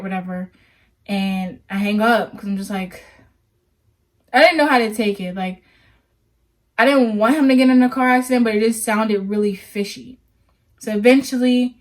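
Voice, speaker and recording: A young woman vlogger telling a personal story in a casual, chatty way, leaning heavily on "like" and ending on an earnest warning. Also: medium pitch. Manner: chatty, heavy use of "like"; earnest, cautionary.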